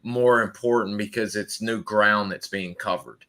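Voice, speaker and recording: Bright-voiced Southern man hosting. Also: on the low side, fairly even intonation, unhurried. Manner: rambling, filler-heavy, reads listener questions. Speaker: podcast host. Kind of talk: casual interview.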